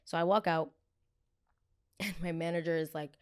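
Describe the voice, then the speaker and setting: A woman in her twenties hosting a podcast, telling a story in a casual, animated way, acting out arguments and swearing freely. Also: lowish voice, moderate pace, pauses often, clear, resonant tone. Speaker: podcast host.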